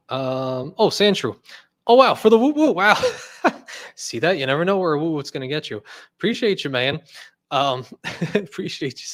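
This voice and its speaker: A man hosting a casual livestream, rambling and jokey, laughing often and second-guessing himself. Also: medium pitch. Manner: jokey ranting. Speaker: host.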